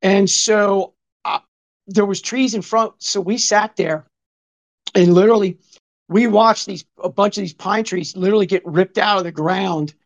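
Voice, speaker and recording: A man's voice: high voice, moderate pace. A man in his fifties telling a long story in casual conversation, rambling and swearing, full of asides and quoted remarks. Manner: rambling and profane, many asides and reported speech. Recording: dull lo-fi recording.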